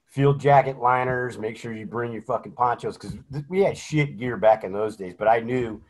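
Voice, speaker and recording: A man swaps blunt, profane stories from his service days in a relaxed chat. His telling is animated, and he often ends his sentences with a tag like "right?" or "man.". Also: medium pitch, normal speed. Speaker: military veteran guest. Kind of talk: casual chat.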